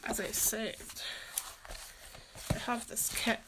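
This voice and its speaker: A woman's voice: a little high, level tone, takes it slowly, heavy background noise. A woman hosting a casual live craft stream, chatting and teasing her partner in a mock-scolding way. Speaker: craft show host.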